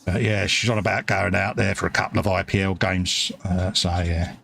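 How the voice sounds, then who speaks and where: A man's voice: sits low, steady tone, normal speed, creaky, fairly bright tone, slight background noise. A man with a Cockney accent hosting a casual live model-building stream, chatty and matey, reading out viewer comments. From England. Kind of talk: casual chat. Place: home hobby workbench.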